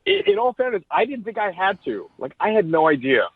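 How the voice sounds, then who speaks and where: A man's voice: high voice, sing-song, fairly quick, husky, no echo. A man in his forties calling in to a radio show, awkward and stammering. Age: 40s. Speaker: caller. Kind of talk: phone call on radio. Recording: tinny phone line.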